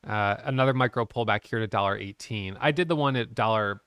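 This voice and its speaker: A man's voice: fairly low pitch, quick pace, fairly bright tone, clear, resonant tone, no room sound, studio quality. A man giving a casual, frank recap of his day trades, talking through the charts and openly criticizing his own mistakes.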